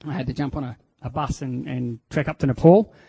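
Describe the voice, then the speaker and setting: A man with an Australian accent sharing a candid personal testimony in a sermon, telling it in an earnest, halting way. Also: medium pitch, vocal fry, warm tone, breathy edge, no echo, low-quality recording.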